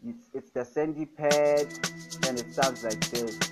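A man's voice: medium pitch, steady tone, measured pace. Upbeat young man hyping his beats. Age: young adult. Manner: enthusiastic, repeats "fire, guys". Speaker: music production tutor. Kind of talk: casual screen-recorded tutorial. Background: loud music playing.

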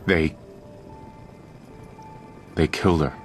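A grieving video game hero with a low voice, speaking slowly in halting, shaken phrases. Game music plays behind him. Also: male voice, fairly even intonation. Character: grieving adult man, the game's hero.

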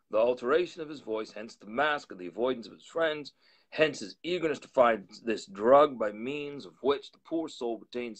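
A man reading aloud, voicing a grave, middle-aged male lawyer who speaks in a measured, deliberate way. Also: mid-range voice, breathy edge. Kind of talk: live storytelling reading.

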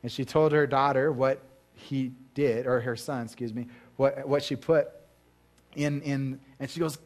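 A man's voice: medium pitch, steady tone, a little slow, darkish tone. A male pastor preaching a sermon in a church, talking casually to the congregation, asking them questions and acting out the voices in his stories.

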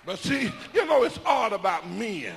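Bishop man preaching, high voice gets gravelly and bright, rising into shouty sung runs. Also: very animated, normal speed, long reverb tail. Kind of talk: sermon.

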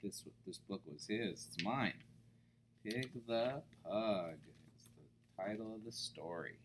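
A man reading a picture book aloud to children, expressive and pausing to explain words. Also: on the low side.

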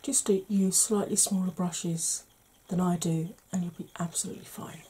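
A woman hosting a soft-spoken makeup tutorial, chatty and explaining each step, tired and yawning. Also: on the low side, fairly even intonation, moderate pace, husky.

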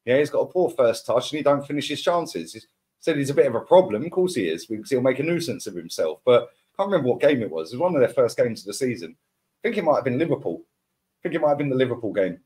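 A man's voice: mid-range voice, very animated, quick pace, darkish tone. A man, ranting as a football podcast pundit in heated casual chat, full of slang and repeated words.

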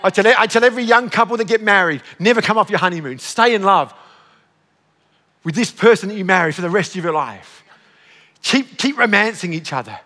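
A man in his fifties preaching a sermon as pastor, exclaiming, breaking into shouts and laughing at himself. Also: sits high, animated, fairly quick. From Australia. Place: church auditorium. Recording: long church hall reverb.

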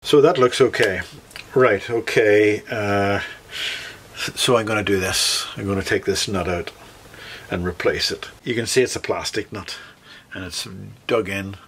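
A Northern Irish luthier talks through a guitar setup as he works, thinking aloud and correcting himself as he goes. His voice sits somewhat low. A faint hiss and small clicks run behind his speech. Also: a little slow, fairly bright tone. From Northern Ireland. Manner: thinks aloud while working, self-correcting. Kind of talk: workshop tutorial, talking through repairs.

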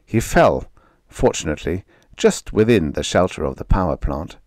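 A man narrating a vintage science fiction audiobook in an expressive, dramatic storytelling manner, close on a studio mic. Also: sits low, normal speed, no echo.

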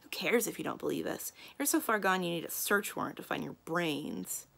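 A woman's voice: on the low side, animated, a little fast, vocal fry, fairly bright tone, exaggerated voice. A woman voicing a tall, skinny teenage bully who throws insults and threats in a children's storybook read-aloud. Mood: insulting.

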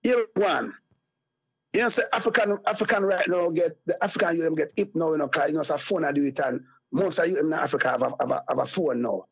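A husky, somewhat high-voiced Jamaican man talking as an interview guest. He rambles in loose patois and loops back on his own phrases. The sound is dull and lo-fi. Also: fast. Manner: rambling patois, repeats phrases like "you get me, I say". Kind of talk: casual conversational interview.

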